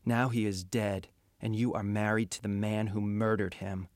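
Male narrator as an icy, accusing prince, low voice, dry recording. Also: flat delivery, moderate pace, dry recording, natural voice. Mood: cold. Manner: cold and accusing. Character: bitter young prince, man, cold and accusing.

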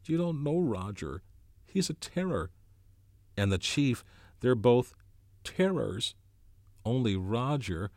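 A man's voice: fairly low pitch, sing-song, measured pace, a little mellow, no echo, studio quality. A man voicing a frightened teenage boy, one of twins, talking in a strangled, fearful voice.

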